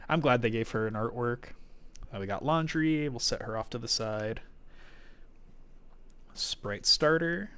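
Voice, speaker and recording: Chatty man opening card packs on stream. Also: mid-range voice. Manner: chatty, thinking aloud, quick excited exclamations. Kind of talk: casual live-stream chat.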